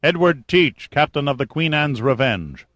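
A man's voice: on the high side, animated, normal speed, fairly bright tone, dry recording, pitched above the performer's own voice. A man voicing a cocky, unflappable boat captain in an audiobook, teasing and confident. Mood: cavalier. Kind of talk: audiobook character voice.

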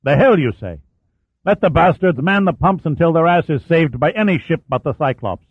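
A man's voice: medium pitch, normal speed, breathy edge, dry recording, pitched above the performer's own voice, natural voice. A man reading an audiobook and voicing a hard-drinking, bullying male ship captain who roars and snarls at his officers. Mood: roaring. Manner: roaring, snarling, coldly menacing. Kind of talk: audiobook character voice. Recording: tinny phone-like sound.

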